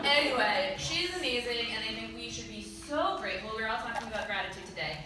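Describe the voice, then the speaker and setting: A woman introducing a trainer on stage at a large event, talking fast and gushing, with many fillers. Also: a little high, heavy reverb, distant mic, heavy background noise. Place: large event hall with audience.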